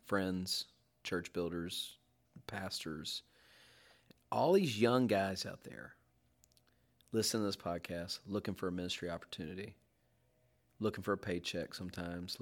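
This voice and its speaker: A man hosts a ministry podcast and drives his point home with emphasis. His voice sits on the low side, and his delivery is firm and preachy. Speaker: podcast host. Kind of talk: podcast interview.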